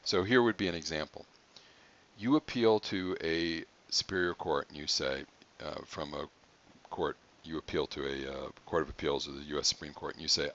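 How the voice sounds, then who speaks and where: A man's voice: low-pitched, expressive, moderate pace, a bit bright, lo-fi sound. A man giving a recorded online college lecture, chatty and emphatic, with joking asides. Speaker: college instructor.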